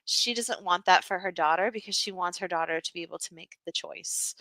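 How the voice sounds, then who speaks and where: A woman co-hosting a casual podcast chat, relaxed and agreeable. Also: lowish voice, fairly quick, no echo. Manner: relaxed, agreeable, laughs along. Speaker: podcast co-host.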